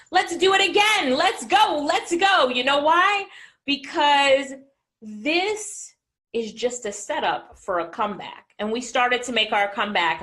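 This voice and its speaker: A woman business coach giving an energetic motivational talk and asking the audience questions. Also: high-pitched.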